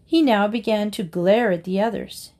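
A woman's voice: medium pitch, mellow. A woman narrating a series of short fables, reading each story aloud with its moral. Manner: slow, deliberate reading aloud. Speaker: reader.

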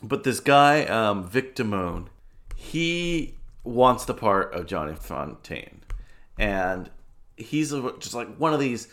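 A man's voice: on the low side, fairly bright tone. A man co-hosting a podcast, talking casually and enthusiastically while recounting scenes. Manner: enthusiastic, talkative storyteller. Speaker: podcast co-host. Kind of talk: casual chat.

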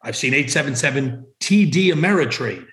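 A man's voice: mid-range voice, lively intonation, fairly quick, a bit bright, reverberant. A man answering podcast questions about business phone numbers in a direct, emphatic way. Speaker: vanity phone number seller. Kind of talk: conversational podcast interview answers.

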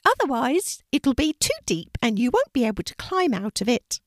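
A woman gives voice to a friendly male white rabbit in a children's storybook, protective of a lost puppy. The voice sits high and lively, loud and eager. It is recorded dry and close. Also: normal speed, dry recording. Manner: bright, excited, high-pitched storybook voice.

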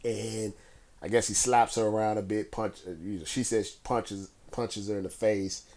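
A man with a somewhat low voice talks through current events on his own. He rambles in a relaxed, conversational way, with plenty of fillers and restarts. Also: normal speed. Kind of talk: casual solo commentary.

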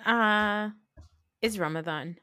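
A woman co-hosting a podcast, gossiping in an animated, emphatic way and swearing casually. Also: mid-range voice, takes it slowly, smooth, no room sound, studio quality. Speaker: podcast co-host. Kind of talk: casual chat.

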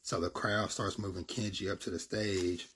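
A man's voice: deep voice, flat delivery, moderate pace, a bit bright, slight background noise. A man casually retelling a comic's plot in a rambling, filler-heavy way.

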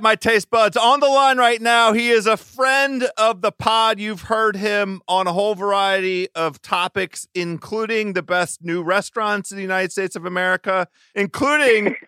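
A man hosting a podcast, chatting casually with an animated manner and repeated stumbles. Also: high-pitched, smooth, dry recording. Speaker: podcast host.

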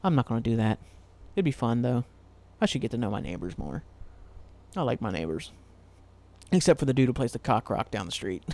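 A man's voice: medium pitch, sing-song, brisk, a little mellow. A man from Ohio hosting a casual solo podcast, rambling loosely, swearing freely and laughing at himself. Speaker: podcast host.

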